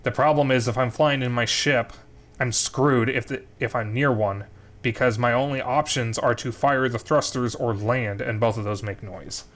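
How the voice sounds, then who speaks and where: A man's voice: medium pitch, fairly even intonation, normal speed, fairly bright tone. A young adult man streaming a game, recapping the story and planning his next moves aloud as he plays. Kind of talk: gameplay commentary.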